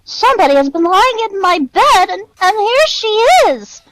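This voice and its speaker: A woman voicing a tiny male baby bear in a children's storybook, squeaky and whiny. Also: sing-song, normal speed, fairly bright tone, no room sound, full character voice, rough recording.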